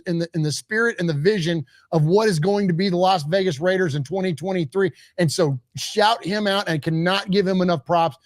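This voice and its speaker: A man co-hosting a live postgame sports show, talking with emphatic, excited fan energy and sounding out of breath. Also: sits high, dry recording, clean studio sound. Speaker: co-host.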